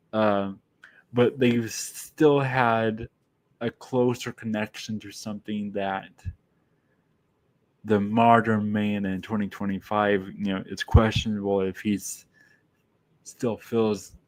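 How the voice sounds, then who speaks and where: A man's voice: on the low side, a little mellow. A man giving a casual film review monologue, rambling and often restarting his sentences.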